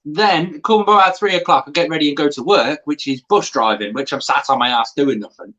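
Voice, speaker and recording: A man's voice: fairly high pitch, fairly quick, bright, forceful tone, muffled recording. A man hosting a live stream, joking with guests and reading out chat messages. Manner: joking, banters and reads chat. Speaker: host, YouTuber.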